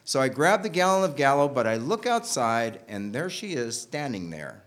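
A man telling a personal story, animated, swinging from loud bursts to hushed asides. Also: mid-range voice, moderate pace.

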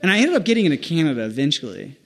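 A man's voice: on the high side, sing-song, rapid-fire. A man telling a rambling, self-mocking story in casual speech, with restarts and little quoted voices. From United States. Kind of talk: casual spoken anecdote.

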